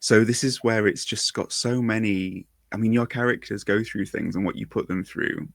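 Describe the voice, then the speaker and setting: A man's voice: lowish voice, moderate pace, vocal fry, no room sound, clean studio sound. A man interviewing an author over a video call, enthusiastic and gushing in his praise, with frequent short affirmations. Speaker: interviewer for a fan book channel. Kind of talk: casual interview chat.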